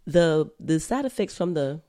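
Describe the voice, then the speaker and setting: A woman's voice: low-pitched, lively intonation, moderate pace, warm tone. A young woman co-hosting a podcast, chatting casually and loosely, with frequent cursing. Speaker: podcast co-host. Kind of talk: casual chat. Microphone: headphones on.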